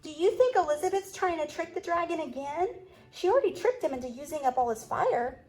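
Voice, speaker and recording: Lively woman teacher reading to kids. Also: high voice, brisk, faint music behind, poor audio. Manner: animated, questioning the children. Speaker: kindergarten teacher. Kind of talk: storybook read-aloud and lesson.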